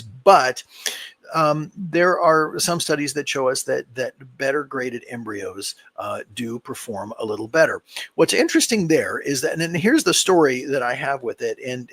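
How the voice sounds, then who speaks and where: A man who works as a fertility doctor talks viewers through their questions on a live stream. His voice is gravelly with a husky edge. He is relaxed and tired, with plenty of "um"s, and is recorded dry and close. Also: mid-range voice, no room sound. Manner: relaxed and explanatory, with many fillers. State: tired, yawning.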